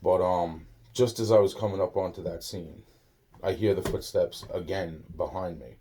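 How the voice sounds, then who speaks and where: A man's voice: low-pitched, steady tone, moderate pace, warm tone, slight background noise. A man casually telling a rambling personal story, swearing often and restarting his sentences. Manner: rambling, profane, many restarts. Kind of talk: casual spoken anecdote.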